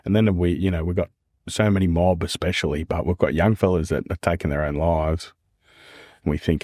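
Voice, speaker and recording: A man's voice: low voice, steady tone, brisk, mellow, no echo, clean studio sound. An Australian man talking earnestly and candidly as a podcast guest, repeating phrases and calling the listener "man" and "mate". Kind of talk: candid casual conversation.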